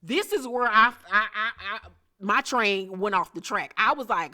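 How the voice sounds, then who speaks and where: Sassy woman doing a reality tv recap, blunt and cussing a lot, jumps way up high when something shocks her. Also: animated, measured pace, pushed and bright. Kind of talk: casual recap commentary.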